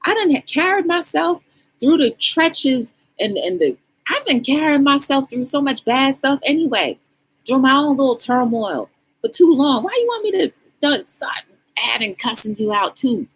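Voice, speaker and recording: A woman hosting a casual livestream talk show, chatting with viewers in the comments and shouting out their names. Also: moderate pace, low-quality recording. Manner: animated, greets chat members with sudden high bursts. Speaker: talk show host reading live chat.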